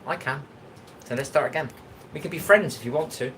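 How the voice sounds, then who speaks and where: A man's voice: fairly high pitch, a little fast, noisy background. An English man hosting a casual livestream while he cooks, rambling and talking back to chat comments. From England. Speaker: livestream host.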